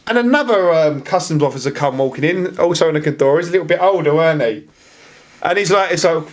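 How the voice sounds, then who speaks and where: A man telling a story on a podcast in casual chat, acting out the voices of the people he quotes. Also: brisk. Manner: animated, acts out quoted voices with big pitch jumps. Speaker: podcast guest.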